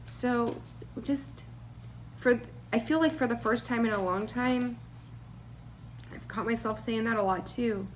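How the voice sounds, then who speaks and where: A woman with a fairly high voice gives a casual tarot reading at an unhurried pace, leaving long pauses. She is blunt and frank, scolds her listeners, and rambles with restarts. There's a faint hiss or hum in the background.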